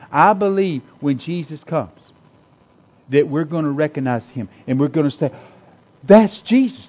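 Man, preacher, fervent sermon, repeats himself, swings loud to soft, somewhat high voice. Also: lo-fi sound. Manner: impassioned, repeats phrases, swings from loud to hushed.

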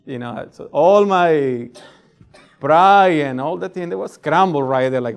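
Accented pastor guy giving a chatty sermon, slightly high voice, keeps asking right?. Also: lively intonation, moderate pace, vocal fry. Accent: non-native English speaker. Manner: conversational preaching, frequent "right?" asides.

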